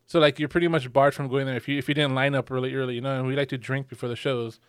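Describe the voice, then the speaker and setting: A man's voice: mid-range voice, level tone, rapid-fire, clean tone, dry recording, studio quality. A young man co-hosting a podcast, telling stories casually with many fillers and acted-out quotes. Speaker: podcast co-host. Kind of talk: casual chat.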